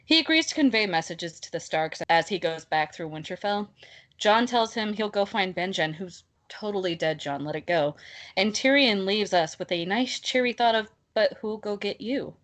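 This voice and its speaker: A woman co-hosting a casual book discussion podcast, talking in an animated, exasperated way and laughing often. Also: mid-range voice, normal speed. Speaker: podcast co-host.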